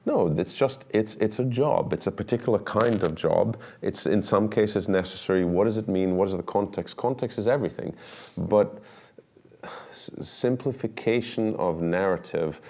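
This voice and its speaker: A middle-aged man, a documentary filmmaker, telling stories in a relaxed interview and acting out the dialogue he quotes. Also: lowish voice, moderate pace, gravelly. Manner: animated anecdotes, acts out quoted dialogue. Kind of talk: conversational storytelling interview.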